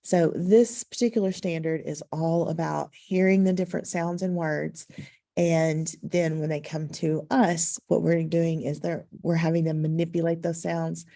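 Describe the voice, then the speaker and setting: A woman's voice: low voice, flat delivery, measured pace, vocal fry, warm tone. A woman teacher explaining to parents, patient and instructive, with frequent ums. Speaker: second-grade teacher.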